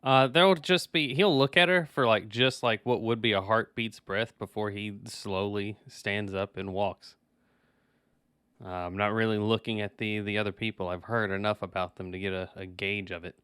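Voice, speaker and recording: A man describes his character's moves in a tabletop game, measured and trailing off softly. His voice is low yet bright and crisp. It sounds dry and close. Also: dry recording. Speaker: player.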